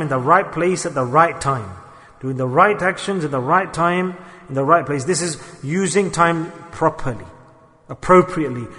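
A man's voice: on the high side, pushed and bright. A man preaching a sermon, telling a story and restating phrases for emphasis. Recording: long hall reverb.

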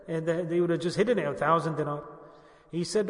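A man preaching a religious sermon, who asks his listeners questions, answers them himself and urges them to say the answer loudly. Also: fairly high pitch, fast talker, echoey room, long reverb tail, distant mic. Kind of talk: religious sermon with call-and-response.

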